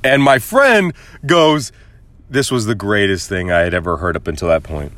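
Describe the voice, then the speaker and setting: A young man from Arizona, USA, hosts a podcast and tells a casual story in a fairly low voice at a moderate pace. He's animated, swearing freely and acting out the voices of the people he quotes.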